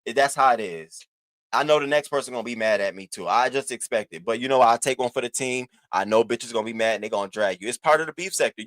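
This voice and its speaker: A man's voice: medium pitch, a bit bright, dry recording. A man hosting a live stream, giving sassy, profane commentary and calling out viewers in the chat by name. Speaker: livestream host.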